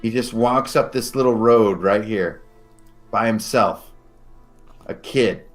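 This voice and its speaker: Game master guy narrating the scene, takes his time on the big moments, faint music behind. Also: lowish voice. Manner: descriptive, slows down for dramatic moments.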